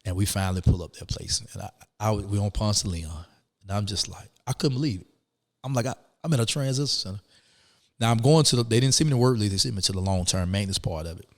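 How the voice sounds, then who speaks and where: A middle-aged man, a guest telling his story in an animated, emphatic way, full of "man" and "you know what I'm saying". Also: on the low side, quick pace, in a large hall. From Atlanta, Georgia. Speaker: interview guest. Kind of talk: conversational storytelling.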